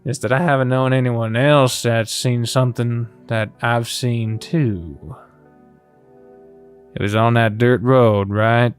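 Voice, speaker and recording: A man doing a slow, gruff bear loner. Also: mid-range voice, fairly even intonation, faint music behind, lightly acted. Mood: guarded. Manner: drawling, calls others "kid". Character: gruff middle-aged male bear loner.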